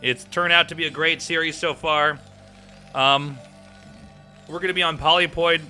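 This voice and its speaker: A man's voice: fairly high pitch, steady tone, moderate pace, pushed and bright, faint music behind. A man hosting a game stream, casting a match and chatting casually with viewers. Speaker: caster and stream host.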